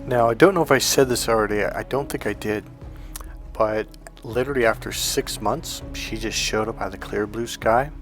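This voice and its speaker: A man's voice: lowish voice, moderate pace, faint music behind. A middle-aged man telling a personal story in a casual, rambling way, full of restarts and fillers. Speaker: life coach and hypnotherapist.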